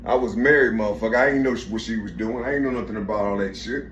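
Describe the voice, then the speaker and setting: A middle-aged man tells a rambling, profane personal story at a quick pace, repeating himself, groping for words and constantly saying "you see." His voice is on the low side and a bit bright. The recording is in an echoey room with slight background noise.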